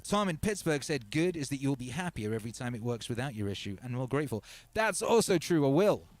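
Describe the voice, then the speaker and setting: A man's voice: mid-range voice, very animated, brisk, no echo. A man hosting a casual livestream, rambling and self-mocking with lots of fillers and restarts, reading viewer comments aloud and calling viewers brother and sister. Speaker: livestream host and music producer.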